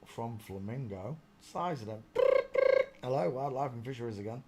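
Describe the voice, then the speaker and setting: A man's voice: mid-range voice, lively intonation, normal speed, background noise. A man hosting a casual live stream, chatty and exclaiming, muttering to himself as he searches.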